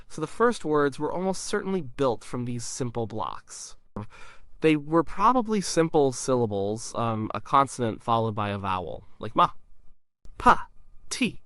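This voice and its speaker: A man's voice: medium pitch, clear, resonant tone, dry recording. Dry, close male explainer voice. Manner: explains calmly, sounds out syllables as examples. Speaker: narrator. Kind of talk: scripted explainer narration.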